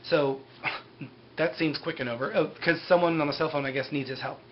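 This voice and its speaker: A man's voice: fairly high pitch, steady tone, normal speed. A man casually recapping a TV episode in a loose, rambling way, full of "like" and "you know". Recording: dull lo-fi with faint hiss.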